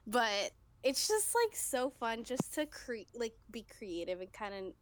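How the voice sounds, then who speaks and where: A woman's voice: a little high, big pitch swings, a little slow, slight background noise. A woman co-hosting a podcast in casual chat, giggly and full of fillers. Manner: chatty, giggly, lots of fillers. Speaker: podcast co-host.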